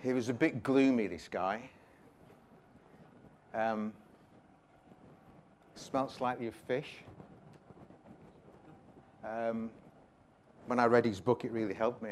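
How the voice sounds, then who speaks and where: A man's voice: on the low side, fairly even intonation, a little slow, pauses often, slight background noise. A man giving an informal, jokey sermon, retelling a Bible story with chatty asides. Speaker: preacher.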